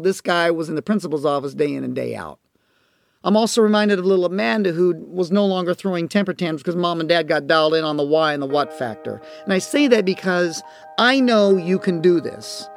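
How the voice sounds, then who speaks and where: Gravelly upbeat man coaching parents. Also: high voice, no echo, studio quality. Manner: storytelling, acts out parent and child voices. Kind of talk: audio course lecture.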